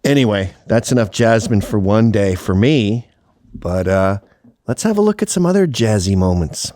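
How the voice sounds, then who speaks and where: A man's voice: lowish voice, expressive, normal speed, warm tone, no room sound, clean studio sound. A man hosting a show, giving sardonic, profane commentary over clips. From Canada. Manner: profane and mocking. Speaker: host.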